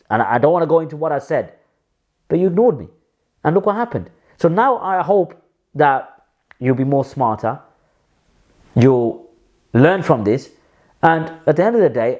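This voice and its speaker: A man delivering a fired-up video message aimed at one person, his pitch leaping up and dropping low as he presses each point. He circles back and repeats lines for weight and stumbles through restarts between his accusations. The delivery is confrontational and direct from start to finish. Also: darkish tone, muffled recording. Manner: frequent filler words and restarts. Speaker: Muslim commentator.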